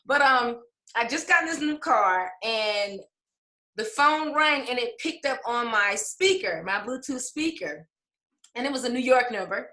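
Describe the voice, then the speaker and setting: A woman's voice: fairly high pitch, lively intonation, measured pace, pushed and bright, roomy sound, rough recording. A woman author and English professor telling her publishing story in an interview, emotional and laughing often, with frequent fillers. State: tearful at times.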